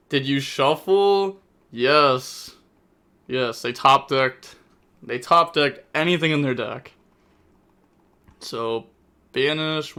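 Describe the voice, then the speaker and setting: A young man commentating a card game replay, talking fast and getting exasperated, breaking into loud outbursts at misplays. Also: mid-range voice, clean tone. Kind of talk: gameplay commentary.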